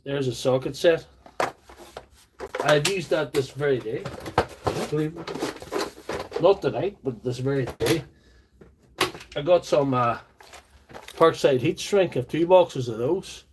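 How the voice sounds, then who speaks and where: Slow and expressive, with frequent pauses and background noise, a slightly high male voice carries a Northern Irish accent. The man fixes tools and hosts a casual, self-deprecating, wandering live stream from a makeshift home workshop, captured by a phone on a little tripod.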